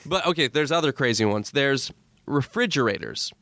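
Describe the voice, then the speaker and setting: A man talking as a guest on a podcast, telling stories in a lively, joking way with quick asides. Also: medium pitch. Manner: animated storyteller, jokey asides. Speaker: comedy producer, guest. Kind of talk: casual podcast chat.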